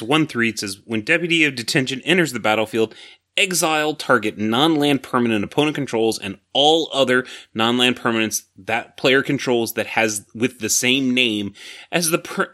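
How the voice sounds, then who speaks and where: A man's voice: medium pitch, pushed and bright. A man co-hosting a casual podcast, explaining card rules in a rambling, self-correcting way with frequent chuckles. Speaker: podcast co-host.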